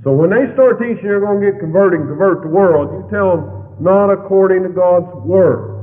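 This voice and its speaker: A man preaching a fiery sermon, with sudden loud, high swings in his delivery. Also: moderate pace. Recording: tinny, lo-fi recording in a long-echo hall.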